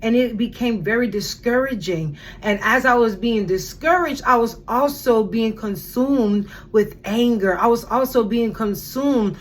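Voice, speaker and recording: A woman's voice: on the high side, measured pace, few pauses. A woman in her thirties, a self-care coach hosting her podcast, sharing a personal reflection in an earnest, conversational way, often repeating words as she restarts. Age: 30s. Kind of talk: casual spoken reflection.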